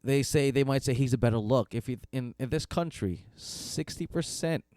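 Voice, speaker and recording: A man co-hosting a podcast in casual chat, agreeable and rambling, often backing his partner with quick yeahs. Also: mid-range voice, a little mellow, no room sound, clean studio sound. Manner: rambling, agreeable, lots of "yeah" fillers. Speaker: podcast co-host.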